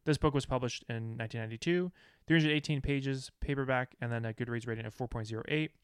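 A man hosts a casual podcast in an upbeat, easygoing way, often laughing between lines. His voice sits at a middle pitch and sounds close and dry. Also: fast talker, smooth, no room sound. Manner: upbeat, laughing, reads lists of facts. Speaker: podcast host. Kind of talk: casual chat.

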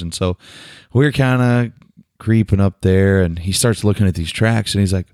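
Man from Oklahoma, low voice, rambling casual storyteller, dry close sound. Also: moderate pace, a little mellow, no room sound. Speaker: podcast co-host. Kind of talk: casual chat.

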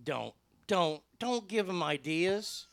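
A man's voice: high-pitched, expressive, takes it slowly, vocal fry, a bit bright. A man chatting casually as a podcast co-host, ranting and swearing in indignant outbursts. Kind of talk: casual chat.

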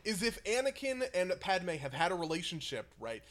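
High-voiced man in animated casual chat. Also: normal speed. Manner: animated, swears freely, frequent laughing asides. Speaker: podcast co-host.

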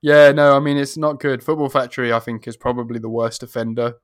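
A man's voice: medium pitch, fairly even intonation, fast, no echo. A man, co-hosting a film podcast, talking in a rambling, sweary, laughing way. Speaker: podcast co-host. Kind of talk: casual chat.

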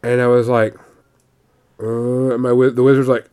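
A man's voice: mid-range voice, flat delivery, normal speed, darkish tone, smooth. A man casually telling a tabletop gaming story, rambling with frequent restarts and quoted voices.

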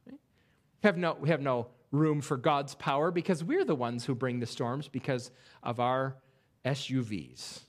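A man preaching an expository sermon in a church, reading scripture aloud and posing rhetorical questions with animated delivery. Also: medium pitch, normal speed. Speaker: pastor. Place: church sanctuary.

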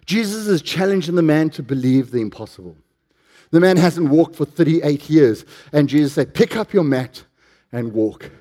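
A man's voice: a little high, a little mellow. A man preaching a sermon, telling stories with animation and putting questions to the congregation.

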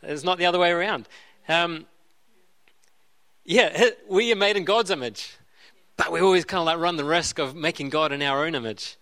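A man preaches a sermon earnestly and often circles back to restart and repeat his phrases. His voice is bright and forward and sits a little high for a man. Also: moderate pace, pauses often. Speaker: pastor.

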